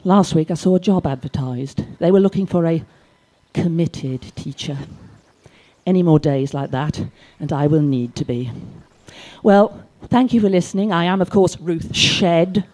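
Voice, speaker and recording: An older woman from Wales, performing a stand-up comedy story with dry delivery and sudden loud acted shouts. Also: fairly low pitch, a little slow. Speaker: stand-up comic. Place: library comedy gig.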